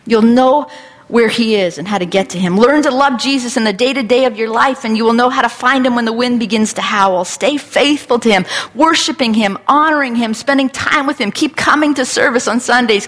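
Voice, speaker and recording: A woman's voice: on the high side, a bit bright. Earnest woman preaching in a reverberant hall. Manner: earnest, repetitive preaching cadence. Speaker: pastor. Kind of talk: sermon.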